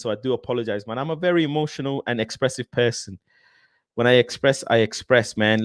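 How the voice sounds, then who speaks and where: A young man chats casually to his viewers on a livestream, reading comments aloud and answering each one. His delivery is animated and expressive, and the dry, close sound of the mic keeps him right up front. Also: mid-range voice, no echo. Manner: animated, expressive, laughs often, addresses viewers by name. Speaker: livestream host reading chat.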